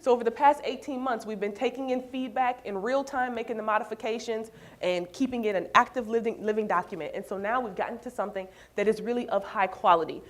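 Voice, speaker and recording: A woman giving a workplace training talk to a room of staff, lively and conversational, telling stories with quoted dialogue. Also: fairly high pitch, fast talker. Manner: animated, storytelling with acted quotes. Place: room with an audience.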